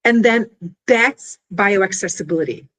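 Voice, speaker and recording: Woman chatting in an interview, husky voice that jumps all over, lots of "like" and "you know", acts out little scenes. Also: medium pitch, unhurried. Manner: animated, full of fillers, acts out little scenes. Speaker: inventor explaining her product. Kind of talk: casual explanatory interview talk.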